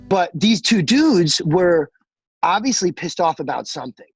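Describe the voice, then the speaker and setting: A man, a restaurant chef telling an animated, profane story as a guest in casual talk. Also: a little high, normal speed, soft background music, low-quality recording. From New Jersey. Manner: animated, profane, acts out quotes.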